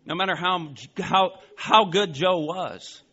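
A man in his forties preaching a sermon, telling a story with animated emphasis. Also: sits high, takes it slowly, breathy edge, lo-fi sound. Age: 40s. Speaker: pastor.

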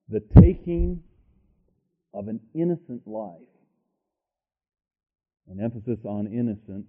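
A man preaching a sermon, reading scripture aloud and thinking aloud between verses with halting restarts. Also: lowish voice. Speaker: pastor. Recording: tinny lo-fi sermon tape.

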